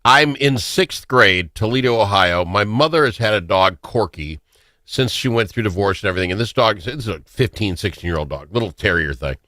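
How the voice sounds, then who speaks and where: A man hosting a talk show, telling stories in a casual, excitable way. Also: fairly low pitch, a little fast, dry recording, studio quality. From Minnesota. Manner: animated, excitable storyteller. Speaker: radio talk show host. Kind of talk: casual storytelling chat.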